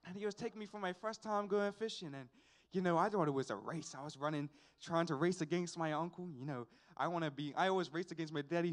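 A man's voice: high voice, fairly bright tone. A young man from Bermuda giving an earnest, casual testimony sermon, telling a personal story with chuckles between points. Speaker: young preacher at a graduation service.

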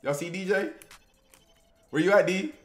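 A woman doing excited gameplay commentary as a family YouTuber playing a video game with her child. She talks loudly and jumpily, often yelling in fright and chatting to her viewers. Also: lowish voice, normal speed. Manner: jumpy and loud, shrieking and yelling when scared, chatting to viewers. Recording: roomy sound with game music behind.

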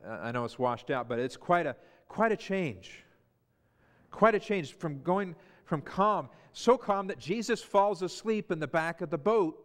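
A man with a slightly high voice preaches in a church, his words trailing off into a long hall reverb. He retells scripture with animated emphasis, acting out the panicked disciples. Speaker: pastor. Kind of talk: sermon. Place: church sanctuary.

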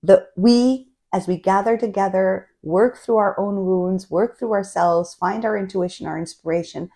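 A woman's voice: mid-range voice, normal speed, mellow. A woman spiritual coach speaks in a casual, enthusiastic way. She keeps checking in with her listeners as she goes. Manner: enthusiastic, repeats "right?" often.

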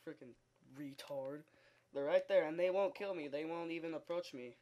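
A man's voice: fairly high pitch, moderate pace, lo-fi sound. A young man giving casual, rambling game commentary, full of fillers, restarts and laughter, into a sound recorder. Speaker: gaming video host.

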